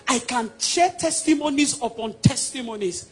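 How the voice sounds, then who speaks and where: A man from Nigeria with a Nigerian accent preaching a sermon, emphatic and swinging between loud declarations and hushed passages. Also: very high-pitched, expressive, moderate pace, breathy edge.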